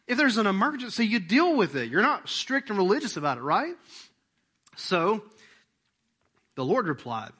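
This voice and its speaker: Guy preaching, chatty then suddenly punchy and loud, fairly high voice. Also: moderate pace, long pauses, husky. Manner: lively, conversational preaching with sudden loud emphatic bursts; leads the congregation in breathing exercises. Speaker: pastor. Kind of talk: sermon.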